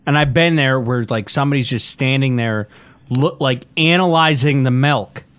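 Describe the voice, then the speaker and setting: A man's voice: mid-range voice, normal speed, a bit bright, clear, resonant tone. A man, co-hosting a podcast and rambling through a complaint with lots of fillers. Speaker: podcast co-host. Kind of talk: casual podcast chat.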